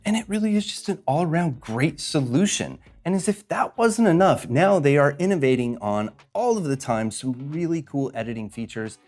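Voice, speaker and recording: Upbeat man with a lively voice teaching. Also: on the high side, moderate pace, few pauses. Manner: chatty, upbeat and joking. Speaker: host and podcasting instructor. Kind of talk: screen-share tutorial walkthrough. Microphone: podcast mic through a mixer.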